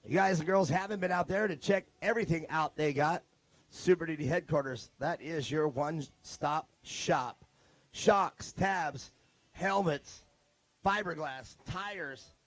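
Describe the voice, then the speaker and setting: A man's voice: on the high side, a little slow, a bit bright, no room sound. A man from California announcing a live off-road race, joking and rambling in loose banter. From Modesto, California.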